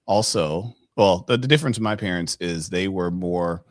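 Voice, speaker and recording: Middle-aged podcast host guy, really low voice, dry close sound, chatty storytelling with lots of ums. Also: normal speed, no echo. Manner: conversational, many fillers, animated when retelling. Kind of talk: casual storytelling.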